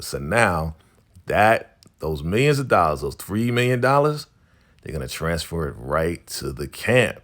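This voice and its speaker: A man with a somewhat low voice recaps a TV episode for his channel. He talks casually and animatedly, full of slang and quick asides to his viewers. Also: big pitch swings, a bit bright.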